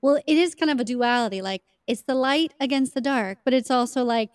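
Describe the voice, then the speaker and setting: A woman with a fairly high voice hosts a casual podcast interview. She talks loosely, with lots of "like" and quick asides. The sound is close and dry, with no room in it. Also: clean tone, dry recording. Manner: chatty, filler-heavy, often says "like". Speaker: podcast host.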